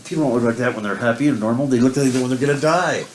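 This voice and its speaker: A man talks fast and rambles through his stories, cursing in nearly every sentence. His voice sits at an ordinary middle pitch. The room around him is echoey, with a faint hiss underneath. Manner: rambling storytelling, heavy swearing. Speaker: co-host of a couple's video talk. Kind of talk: casual chat. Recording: roomy echo with faint hiss.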